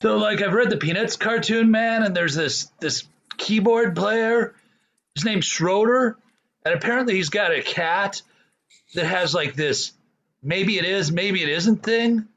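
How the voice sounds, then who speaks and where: Man, high voice, spaced-out drawl, rambling improv panelist. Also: unhurried, a bit bright, lo-fi sound. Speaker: comedy game panelist. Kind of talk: improv comedy.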